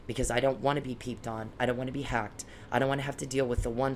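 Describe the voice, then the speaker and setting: A woman's voice: very deep voice, steady tone, quick pace, hardly any pauses, slight background noise. A woman vlogging an angry, confrontational monologue aimed at one man, cursing often and preaching at him.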